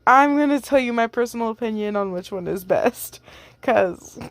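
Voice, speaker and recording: A young woman hosts her own channel, reading fan fiction aloud and chatting between chapters. She talks informally, with fillers and small laughs. Her voice sits a little high and sounds dry and close. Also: animated, normal speed, no echo. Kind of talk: reading a story aloud, then casual chat.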